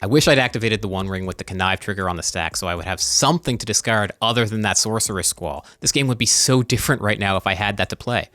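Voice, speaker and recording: Man, low voice, dry humor, card game chat, close dry sound. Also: fast, few pauses, sharp tone, no room sound, soft background music. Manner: dry, self-mocking, announces plays. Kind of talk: casual tabletop game chat.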